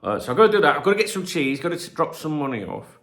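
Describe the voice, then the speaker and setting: Gravelly Northern English man, rambling. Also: on the high side, big pitch swings, racing, fairly bright tone. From north of England. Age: 40s. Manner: rambling, sweary and jokey. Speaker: channel host. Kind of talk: casual livestream chat. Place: at home.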